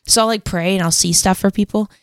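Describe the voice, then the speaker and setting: A woman's voice: medium pitch, fairly even intonation, quick pace, no echo. A woman co-hosting a casual faith podcast, telling a story in a chatty, rambling way full of "like" and self-deprecating laughs. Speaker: podcast co-host.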